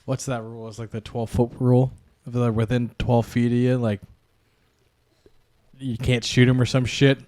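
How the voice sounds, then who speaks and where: A man's voice: mid-range voice, level tone, normal speed, long pauses, darkish tone, no room sound. A young man co-hosting a casual podcast, laid-back, chiming in with jokes and retold stories. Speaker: podcast co-host. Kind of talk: casual chat.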